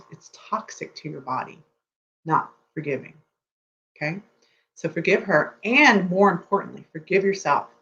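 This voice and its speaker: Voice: medium pitch, fairly bright tone. Chatty dating coach on a dull lo-fi stream. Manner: chatty, rambling, keeps checking in with "okay?" and "right?". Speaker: dating coach for tech men. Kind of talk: live-stream advice talk. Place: room with geek collectibles behind. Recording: dull lo-fi sound with faint hum.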